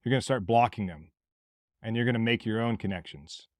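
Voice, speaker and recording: A man from Mississippi with a Southern accent, hosting a podcast as a blunt, forceful motivational monologue with plenty of swearing. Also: fairly low pitch, brisk, no room sound, studio quality. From Mississippi, USA. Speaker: podcast host.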